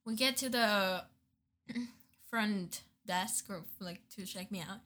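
A young woman chatting casually, an animated storyteller who acts out what people said. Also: medium pitch, takes it slowly. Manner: animated storyteller, acting out quotes. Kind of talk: casual chat.

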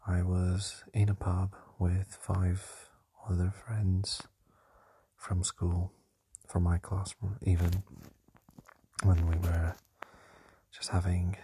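A young man whispering softly into a close mic while lying down at night, a hesitant podcast diary full of fillers. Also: low voice, completely flat delivery, slow, a little hiss or hum. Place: lying down in a shared home at night.

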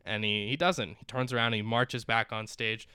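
A man chatting casually, retelling a story in an animated way, with lots of "like". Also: lowish voice, moderate pace, smooth, no room sound, clean studio sound. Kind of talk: casual chat.

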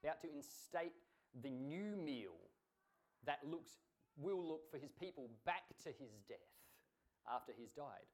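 A man preaching a sermon in an earnest, emphatic way, asking rhetorical questions. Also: fairly high pitch.

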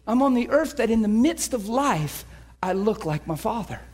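Preacher guy, kinda high husky voice, gets loud then goes quiet, telling his story to the church. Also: moderate pace. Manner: animated storytelling, swinging from hushed to shouting. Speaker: pastor. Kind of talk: sermon.

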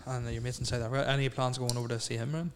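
A man hosts a casual conversation, talking very fast with short, eager reactions. A faint noise sits under his voice. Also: mid-range voice, little pitch movement. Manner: quick-fire interjections and reactions. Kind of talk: casual chat.

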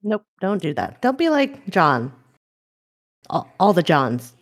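A woman in her thirties co-hosts a podcast in a lowish, sing-song voice at a slow pace. The casual chat finds her candid and teasing, laughing often.

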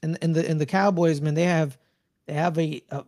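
A man's voice: fairly high pitch, fairly even intonation, brisk, a little mellow, no echo, clean studio sound. A man co-hosting a sports podcast, ranting in a loose, slangy way and repeating himself. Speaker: podcast co-host. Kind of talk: casual sports chat.

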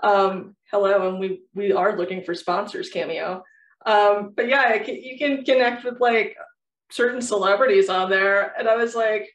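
A woman's voice: mid-range voice, fairly even intonation, normal speed. Playful woman, distant in a roomy space. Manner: playful, laughs often, self-deprecating. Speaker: podcast co-host. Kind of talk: casual chat.

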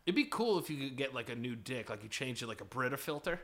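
A man's voice: medium pitch, animated, fast, fairly bright tone. A man in his thirties co-hosting a comedy podcast, riffing with crude, rambling, playful banter. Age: 30s. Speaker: podcast co-host.

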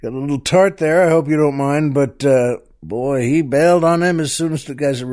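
A man's voice: fairly high pitch, moderate pace, hardly any pauses, darkish tone. A man hosting a comedy podcast, telling jokes in a chatty monologue full of asides and chuckles. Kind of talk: casual comic monologue.

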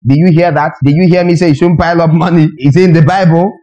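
A man's voice: fairly high pitch, fairly even intonation, quick pace, warm tone, highs cut off. A man preaching a sermon as a pastor, emphatic and questioning his congregation directly.

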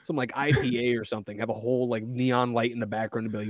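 A man's voice: mid-range voice, level tone, quick pace, no room sound. A man guesting on a casual podcast, telling stories animatedly, laughing often and saying "like" a lot.

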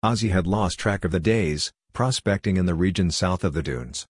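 A man with a very low, husky voice reads a story aloud in a steady, even way. The recording is dry and close, with no room sound behind him. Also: normal speed, dry recording. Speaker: audiobook narrator. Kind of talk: scripted narration.

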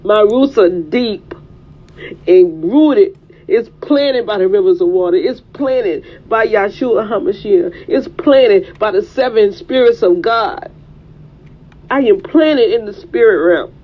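A woman's voice: medium pitch, unhurried. A woman preaching a fervent sermon in a repetitive preaching cadence. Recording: dull, lo-fi recording.

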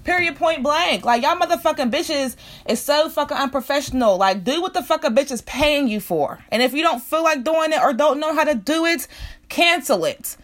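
A woman's voice: high-pitched, animated, normal speed. A young woman telling an angry, profane storytime rant about a bad salon visit. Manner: profane, heated, repetitive rant.

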